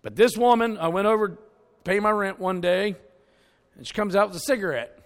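A man preaching a sermon full of stories and jokes, with an animated, jokey delivery. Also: sits high, fast. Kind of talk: storytelling sermon.

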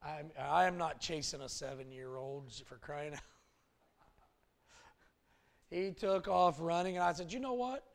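Brief: male pastor, fairly high voice, storytelling sermon, shifts between hushed and loud. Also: a little slow, gravelly, long pauses. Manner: animated, swings from hushed to loud.

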